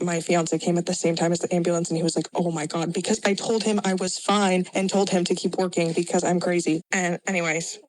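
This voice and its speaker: A woman's voice: fairly low pitch, rough recording. A young woman recounting her birth story in an emotional, rambling voice message, tearful and full of "like" and restarts. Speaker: podcast guest sharing a birth story.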